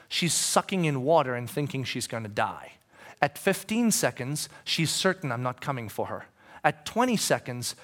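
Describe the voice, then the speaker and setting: A man preaching in church at medium pitch addresses the congregation conversationally, asking them questions. His sermon moves back and forth between quiet moments and shouting.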